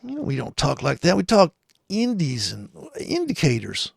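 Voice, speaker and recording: A man's voice: on the high side, wildly swooping pitch, normal speed, vocal fry, breathy edge, no room sound, clean studio sound. A man giving rambling, sarcastic, profane commentary on forex charts. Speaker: forex trader. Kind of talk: casual screen-share trading commentary.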